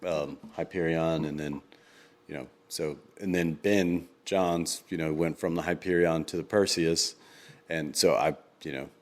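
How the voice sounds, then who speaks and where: Deep-voiced man rambling on a podcast. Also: steady tone, a little mellow. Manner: rambling, full of ums and quick laughs. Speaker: podcast co-host. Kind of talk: casual chat.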